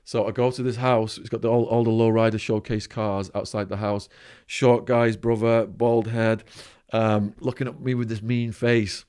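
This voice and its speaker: A man's voice: fairly low pitch, moderate pace, hardly any pauses, clean tone. English man telling wild stories. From England, Widnes. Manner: animated anecdotes with swearing and sudden quiet asides. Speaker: guest. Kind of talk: storytelling in conversation.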